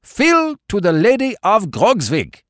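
A blustering, boisterous nobleman put on by a male narrator makes bellowing, pompous proclamations. The voice leaps up high and swings widely in pitch. It is recorded dry, with no room sound. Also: sing-song, a little slow, fairly bright tone, no echo, exaggerated voice. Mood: boisterous toasting. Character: blustering boisterous mustachioed nobleman, middle-aged man.

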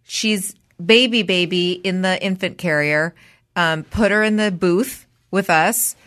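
A woman co-hosting a podcast, chatting casually as a mother and acting out quoted lines in a high, animated voice. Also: a little slow. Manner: animated storyteller who acts out quotes in a high voice. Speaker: podcast co-host. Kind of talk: casual chat.

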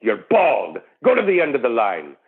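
A man's voice: mid-range voice, huge pitch swings, moderate pace, slightly rough. Man putting on a curt, bossy soup vendor. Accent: put-on Middle Eastern. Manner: clipped, barking orders. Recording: tinny phone-line sound.

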